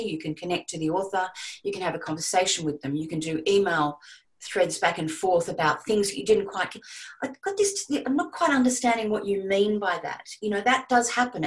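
A woman giving casual, animated advice on audiobook narration to a group. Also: mid-range voice, poor audio. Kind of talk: casual teaching talk to a group.

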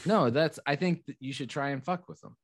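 A man's voice: fairly high pitch, brisk, no echo, studio quality. A young man chatting casually on a podcast, musing loosely and trailing off into fillers. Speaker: podcast co-host. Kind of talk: casual chat.

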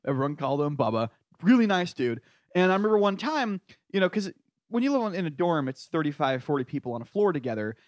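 A man from rural New England hosts a comedy podcast with a fairly high, lively voice that swoops up and down as he jokes. He laughs often and pokes fun at himself. The sound is dry and close. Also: fast talker, no room sound. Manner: joking, laughs often, self-mocking. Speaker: podcast host. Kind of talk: casual comedic chat.

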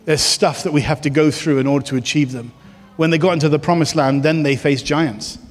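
A man's voice: on the high side, fairly even intonation, brisk. A man, a pastor preaching a sermon in a church hall with an impassioned, repetitive cadence. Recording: hall reverb with faint music.

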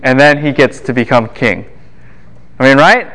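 A man giving a Bible lecture to a class, animated and quick to fire questions at his students. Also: mid-range voice.

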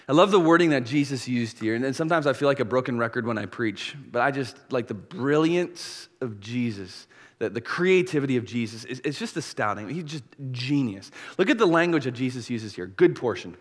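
A man's voice: mid-range voice, expressive, brisk. A man in his thirties preaching a sermon, acting out biblical characters in changing voices. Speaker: pastor. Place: church. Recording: long reverb of a church hall.

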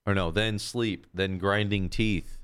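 Low, smooth-voiced man telling a story. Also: slow pace. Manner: animated, profane, acts out other people's lines. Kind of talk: casual storytelling chat.

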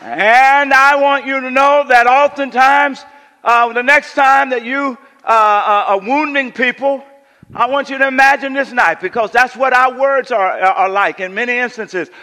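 A pastor's very high, bright voice carries forcefully through a church sanctuary, its long hall reverb trailing each line. He takes his time, preaching with emphatic call-and-response and frequently repeating words when he starts over.

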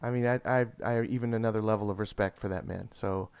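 A man's voice: fairly low pitch, fairly even intonation, fast, darkish tone, clean tone. Chatty man laughing through movie talk. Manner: chatty, laughs often, rambling restarts. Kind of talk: casual movie chat.

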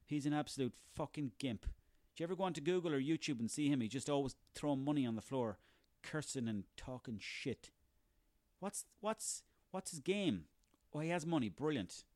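A man's voice: mid-range voice, expressive, brisk, hardly any pauses, a little mellow, dry recording, clean studio sound. Profane Irish man ranting. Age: 30s. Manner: profane, sarcastic, ranting, rambling. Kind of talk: comic rant monologue.

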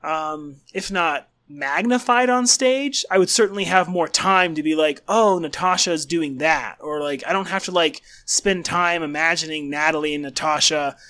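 Bright-voiced man, eager and searching. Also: on the high side, normal speed, few pauses. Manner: enthusiastic, searching for words with many restarts. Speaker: podcast co-host. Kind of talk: casual book discussion.

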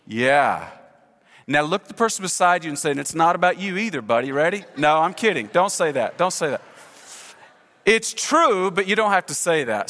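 A male pastor preaching a sermon to a congregation in a church, animated and acting out quoted speech, leading the room in call-and-response. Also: sits high. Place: church sanctuary. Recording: long hall reverb in church.

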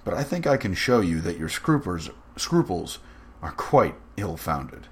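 A man voicing a suave, cruel aristocratic general with smooth, mocking menace. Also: low voice, big pitch swings, unhurried.

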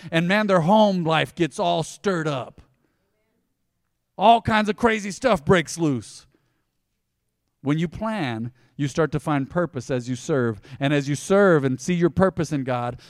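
A male pastor preaching a conversational sermon, emphatic and swinging between loud and hushed lines. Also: fairly high pitch, dry recording, studio quality.

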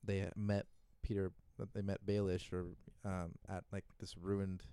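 Mellow, smooth-voiced man chatting. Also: sits low, level tone, measured pace, no echo. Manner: rambling, restarts often, acts out characters' lines. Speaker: podcast co-host. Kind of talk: casual chat recapping a TV season.

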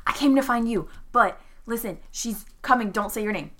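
A woman's voice: on the high side, normal speed, bright, forceful tone. A woman voicing a hunted woman who pleads her case earnestly and insistently. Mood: urgent.

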